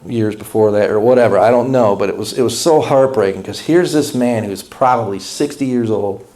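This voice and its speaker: Male pastor, sermon delivery, folksy and impassioned, mellow dark voice. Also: fairly low pitch, brisk. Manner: folksy, blunt, impassioned preaching.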